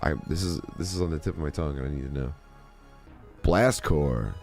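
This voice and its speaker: A man in his forties hosting a casual stream, telling a rambling, animated story full of restarts and swearing. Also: rumbling low, brisk, vocal fry, soft background music. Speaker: streamer host. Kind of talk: casual storytelling to a live chat.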